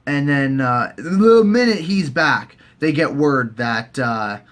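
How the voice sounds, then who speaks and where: A man's voice: mid-range voice, expressive, a bit bright. Jokey, profane young man. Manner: profane, jokey, slangy, putting on quick silly voices for characters. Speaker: recap host. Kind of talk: casual comedic recap.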